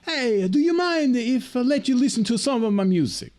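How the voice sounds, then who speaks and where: Brief: a man putting on a corny, jovial cabbie with a thick stereotypical Italian accent; high, sunny and jokey. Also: lively intonation, normal speed, a little mellow. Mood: cheerful. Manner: jokey, showing off the city. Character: corny cheerful Italian male cab driver.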